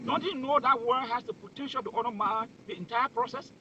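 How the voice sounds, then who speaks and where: Guy ranting about politics, high raspy voice, tons of rhetorical questions, dull muffled audio. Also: fairly quick, pushed and bright, a little hiss or hum. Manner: emphatic, fires off rhetorical questions. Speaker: political commentator. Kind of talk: heated political commentary.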